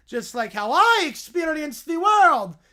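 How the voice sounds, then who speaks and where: A woman's voice: sits high, very animated, a little slow, pushed and bright, voice pushed up, heavily acted. A woman voicing a scheming middle-aged male mad scientist in a theatrical villain monologue. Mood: grandiose.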